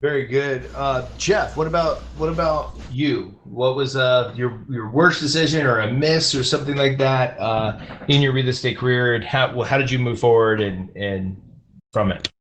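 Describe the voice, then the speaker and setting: A man's voice: mid-range voice, moderate pace, a bit bright. Man moderating a panel, encouraging. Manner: encouraging, filler-heavy questions.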